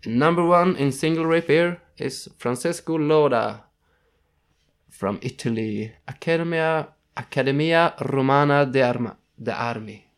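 A man's voice: mid-range voice, measured pace, clean tone. A young man co-hosting a casual podcast, reading ranking lists and tripping over foreign names. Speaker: podcast co-host.

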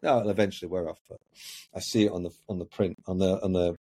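A man's voice: low voice, steady tone, fast, mellow, husky. A man talking as a coaching guest on a podcast, earnest and reflective, often repeating words while he finds his point. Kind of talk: podcast conversation.

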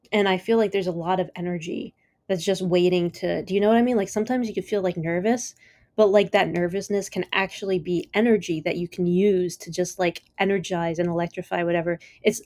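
A woman's voice: fairly low pitch, darkish tone, dry recording, clean studio sound. A woman hosting her own podcast, chatting on her own in a rambling, enthusiastic way with lots of "like" and "you know.". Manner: enthusiastic, easily amused. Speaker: podcast host. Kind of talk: casual solo chat.

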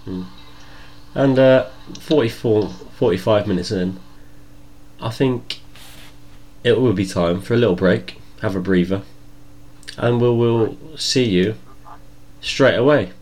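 A man's voice: on the low side, takes it slowly, long pauses, darkish tone. A young man co-hosting a casual podcast over a video call, blunt and sweary in his banter. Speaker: podcast co-host. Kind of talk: casual chat.

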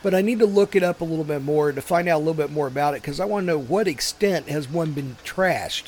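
Rambling podcast dude, voice a bit high, swears a lot, faint room hum behind. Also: male voice, fast talker, a little mellow. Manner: rambling, swears, quotes movie lines in funny voices. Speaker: podcast co-host. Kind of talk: casual banter.

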